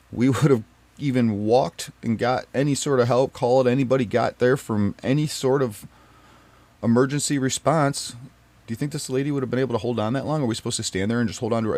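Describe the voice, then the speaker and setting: A man's voice: mid-range voice, a little mellow. Emotional man telling his story. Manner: emotional, emphatic, pleading. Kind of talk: personal story to camera.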